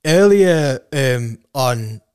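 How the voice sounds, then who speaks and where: A man's voice: mid-range voice, expressive, very slow, a little mellow, clear, resonant tone. Laughing man hosting radio chat. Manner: jokey, laughing often. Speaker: radio show host. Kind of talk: casual chat.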